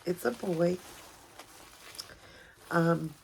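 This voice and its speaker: A woman at home filming an unboxing video for her vlog, talking softly and gushing with emotion. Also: on the low side, extremely slow, vocal fry, a little hiss or hum. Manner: gushing, soft-spoken, emotional. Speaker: vlogger. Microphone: camera set up nearby.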